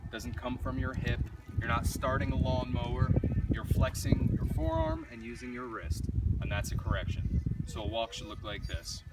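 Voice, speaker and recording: A man's voice: medium pitch, very animated, moderate pace, vocal fry. A man working as a dog trainer, giving a matter-of-fact, instructive demonstration outdoors while walking a dog. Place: outdoors on a street walk. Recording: distant outdoor camera audio, traffic noise. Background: passing vehicles and street ambience.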